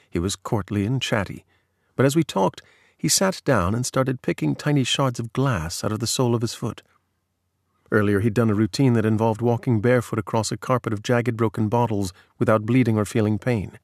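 A man in steady, measured scripted narration of a magazine article. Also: fairly low pitch, no room sound, studio quality.

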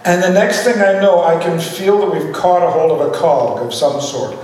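A pastor with a fairly high, darkish voice and moderate pace preaches a sermon built around a funny personal story, laughing often as he tells it. The recording sounds distant in an echoey hall, with room noise.

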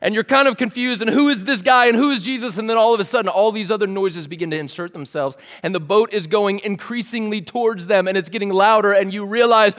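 A man's voice: high voice, fast, few pauses, a bit bright, big-room sound. A man preaching a sermon as a pastor, telling the story vividly in a casual way, with fillers like "like" and "dude".

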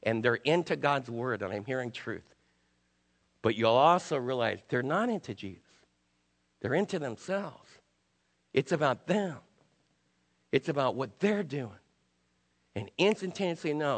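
A man's voice: medium pitch, animated, unhurried, pauses often, in a large hall. A man preaching a sermon to his church in an emphatic, conversational way, acting out quotes. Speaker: pastor.

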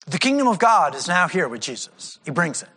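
Lively, bright-voiced male preacher. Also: fairly high pitch, fairly quick, breathy edge, big-room sound. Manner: animated preaching, acting out quoted figures. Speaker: pastor. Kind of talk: sermon.

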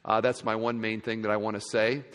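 Expressive pastor preaching in a reverberant hall. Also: male voice, on the low side, brisk. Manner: expressive, shifts from quiet asides to shouted emphasis. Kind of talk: sermon. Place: large church sanctuary. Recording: long reverb of a large hall.

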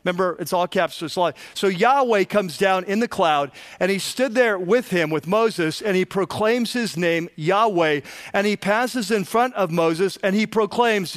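A middle-aged pastor preaches a sermon conversationally at a normal speed. His voice sits high, and he often repeats words as he restarts.

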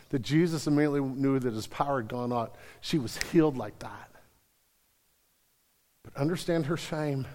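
A man preaching a sermon in a church sanctuary, his slightly high voice ringing with a long hall reverb. He drops to near-whispers, then builds to loud, emphatic declarations, often repeating words as he stresses a point. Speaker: pastor.

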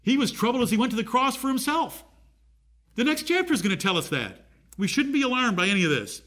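A man's voice: extremely high pitch, very animated, fast, fairly bright tone. A man preaching a sermon, reading scripture aloud and asking his listeners direct questions.

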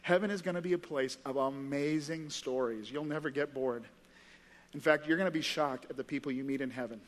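A man's voice: fairly high pitch, fairly quick, big-room sound. A male pastor preaching a sermon in a conversational, earnest way, recorded in a church auditorium. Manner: conversational, earnest, lots of fillers.

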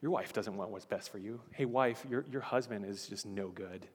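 A man's voice: a little high, animated, moderate pace, in a large hall. A man voicing a sly male devil who whispers lies in a hissing, insinuating tone. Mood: scheming.

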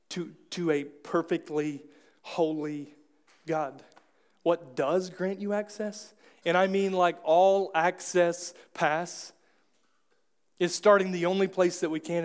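A man preaching a sermon as pastor, talking conversationally with quick asides and acting out quotes. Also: fairly high pitch. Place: church.

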